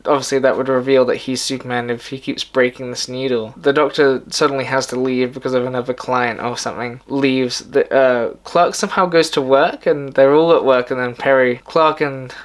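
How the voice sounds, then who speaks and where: A male video host talking in a loose, rambling way. He retells a story casually, full of filler words and restarts. His voice sits at an ordinary middle pitch for a man. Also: fairly even intonation, moderate pace, few pauses.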